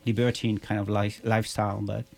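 A man's voice: fairly low pitch, level tone, brisk, gravelly. A man hosting a talk show, speaking casually and hesitantly with stammered restarts. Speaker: radio show host.

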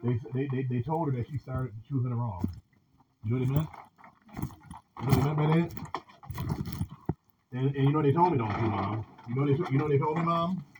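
A man's voice: medium pitch, fairly quick, pauses often, dull audio. A man talking at length to his mother in a rambling, repetitive way, often stopping to ask for her agreement. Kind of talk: rambling home conversation. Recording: loud background noise.

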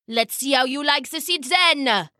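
A greedy tyrant king in a storybook, shrieking and ranting at his subjects, as a woman reader puts him on. The voice sits fairly high and bright, and it is recorded close and dry. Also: measured pace, no room sound. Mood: angry ranting.

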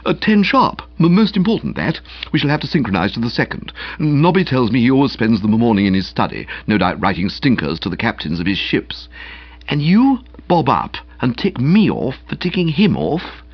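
A man voicing an eager, excitable young gentleman. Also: mid-range voice, moderate pace, breathy edge, lo-fi sound. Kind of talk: audiobook character voice.

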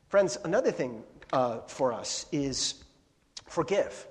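A man with a high voice preaches a casual, conversational sermon from a church sanctuary. He keeps asking his listeners questions and slips into animated impressions of the people he quotes. His words trail off into the long echo of a large hall. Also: slow pace. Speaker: pastor.

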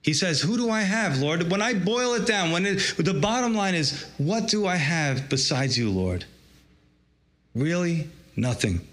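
A man's voice: fairly high pitch, sing-song, measured pace, a bit bright. A man preaching a sermon, reading scripture aloud and drawing out its lesson with rising emphasis. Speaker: pastor.

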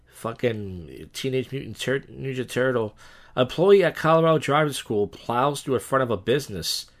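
A man hosting a casual podcast, reading odd news stories aloud and riffing deadpan jokes with lots of fillers and restarts. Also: mid-range voice. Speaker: podcast host. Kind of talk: casual comedic news rundown.

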